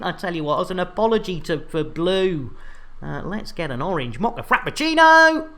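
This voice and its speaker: A man's voice: sits high, big pitch swings, moderate pace, sharp tone, a little hiss or hum. An English man streaming a space game live, chatting and joking with viewers as he reads their messages. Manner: jokey, chatty, banter with viewers.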